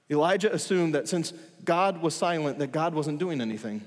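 A man's voice: fairly high pitch, expressive, moderate pace, few pauses. A male pastor preaching a sermon, talking with emphasis and building his points through rhetorical questions. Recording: long hall reverb.

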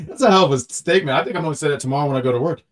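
A man co-hosting a wrestling podcast, excitable and quick to laugh, often stumbling over his words. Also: fairly high pitch. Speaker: podcast co-host. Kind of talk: casual wrestling chat.

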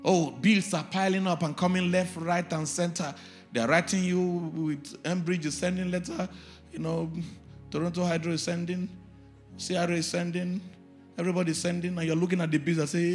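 A man, a pastor, preaching a sermon with shouted lines and sing-song call-and-response. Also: high-pitched, moderate pace, soft background music.

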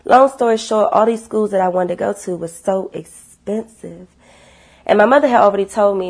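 A woman sharing her life story with viewers in a casual, animated testimony, blunt and swearing freely. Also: mid-range voice, normal speed, gravelly, husky.

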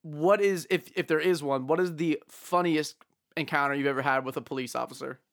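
Brief: young man, casual podcast host, loose rambling delivery, a bit high-pitched. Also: fairly quick, a bit bright. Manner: rambling, profane, laughs often.

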